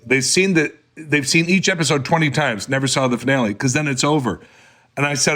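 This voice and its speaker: A middle-aged man chats as a podcast guest in a casual, storytelling way. His voice sits at an ordinary pitch. He talks about his work in an unhurried manner. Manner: storytelling, animated in anecdotes. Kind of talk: casual chat.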